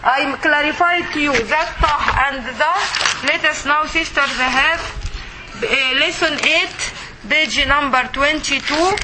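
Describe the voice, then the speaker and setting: Slow, high-voiced woman teaching a class. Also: background noise. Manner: slow, patient, repeats sounds for the class to copy. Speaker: Arabic teacher. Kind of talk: classroom lesson.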